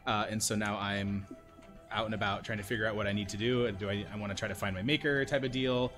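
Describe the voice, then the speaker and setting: A man player chatting quickly and upbeat, full of fillers and restarts. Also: lowish voice, fairly even intonation, music in the background. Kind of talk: casual chat.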